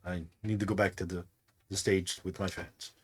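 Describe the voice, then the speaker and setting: A man voicing a nervous male celebrity entertainer who pleads quietly and urgently for protection. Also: deep voice, level tone, moderate pace, slightly rough, pitched below the performer's own voice. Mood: hushed urgent.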